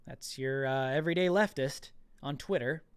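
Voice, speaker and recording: A man's voice: medium pitch, moderate pace, clear, resonant tone, dry recording. A man hosting a political commentary podcast, talking in an indignant, emphatic way and often repeating words. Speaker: podcast host.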